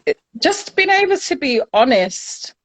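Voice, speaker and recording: A woman with a Nottingham English accent co-hosts a chatty podcast in a fairly high voice. She talks loosely and playfully, laughing a lot and dropping the odd swear word. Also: very animated, unhurried, a bit bright, poor audio. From England. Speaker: podcast co-host. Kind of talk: casual chat.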